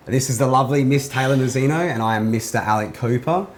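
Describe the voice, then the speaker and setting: A man's voice: medium pitch, a little fast, a little hiss or hum. Joking young guy. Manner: joking, teasing. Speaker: co-host. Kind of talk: casual chat over a meal.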